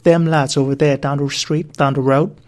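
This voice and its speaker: A man's voice: a little high, fairly even intonation, normal speed, lightly acted. A man putting on a Cockney gangster voice, talking throaty and wide-mouthed like a tough guy. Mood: swaggering. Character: swaggering adult male Cockney gangster.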